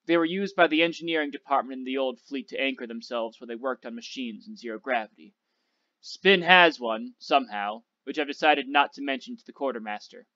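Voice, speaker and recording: A clipped, commanding old flight instructor with a sarcastic edge, voiced by a man reading aloud. His voice sits at an ordinary middle pitch. The recording is dull and dry, with no room sound. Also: a little fast, pushed and bright, dry recording, close to an everyday voice. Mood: instructing.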